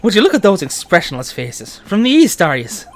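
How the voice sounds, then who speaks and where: A streamer voicing a loud, pushy, generous middle-aged Irish man in an Irish accent, with laughter breaking in between lines. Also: medium pitch, huge pitch swings, a little fast. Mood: boisterous. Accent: Irish, put on.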